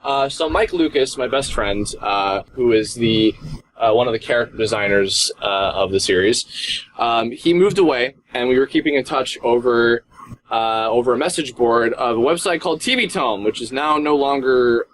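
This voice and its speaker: A man's voice: mid-range voice, lively intonation, moderate pace, a little hiss or hum, poor audio. A man, a guest voice actor, chatting casually in an interview and telling long, rambling stories that he keeps interrupting himself in. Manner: rambling, self-interrupting storyteller.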